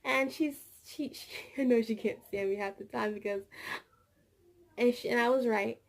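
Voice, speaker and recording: Gravelly-voiced woman telling a rambling story. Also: a little high, normal speed. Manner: rambling, repeats words, acts out quoted dialogue. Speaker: vlogger; childcare teacher. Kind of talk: casual storytelling vlog.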